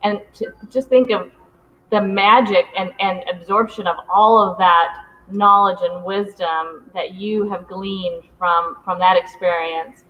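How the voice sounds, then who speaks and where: A woman hosting an interview, enthusiastic and warm, with many fillers. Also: mid-range voice, fairly even intonation, measured pace. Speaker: interview host. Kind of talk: conversational interview. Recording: dull lo-fi sound.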